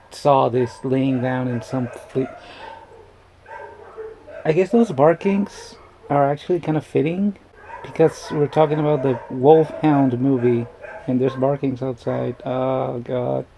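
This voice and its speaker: A man's voice: mid-range voice, creaky, mellow, slight background noise. A man chatting casually as he reacts to a movie, rambling and joking with frequent restarts. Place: indoors at home.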